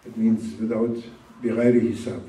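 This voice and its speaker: A man giving an informal sermon as a sheikh, speaking in a plain, halting way and repeating words for emphasis. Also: on the low side, fairly even intonation, mellow. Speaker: sheikh teaching a religious talk. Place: gathering room at a summer camp. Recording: roomy room, distant mic.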